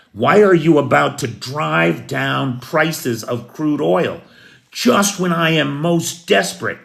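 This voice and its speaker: A man's voice: a little high, creaky, a bit bright, heavily acted. A man imitating an older male autocrat who plaintively accuses an ally of betrayal with a string of questions.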